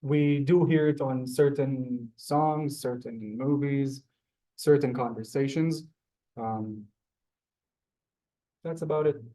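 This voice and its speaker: A man teaches a live Hebrew class for beginners, halting and repeating words while staying polite to his students. His voice is mid-range and mellow.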